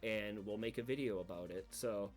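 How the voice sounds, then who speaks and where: A man giving casual, rambling commentary over his own gameplay video, laughing at his own panic and acting out quick asides. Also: on the low side, faint music behind. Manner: rambling, self-deprecating, recounts panic with quoted asides. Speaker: gaming video creator.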